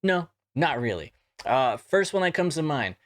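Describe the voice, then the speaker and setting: A man's voice: a little high, very animated, moderate pace, fairly bright tone. A young man from South Georgia with a light Southern accent, hosting a horror movie podcast in a chatty, loose, swearing monologue. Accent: light Southern American, mostly neutral. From South Georgia, USA. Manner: chatty, swears casually, frequent restarts and laughs. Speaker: podcast host.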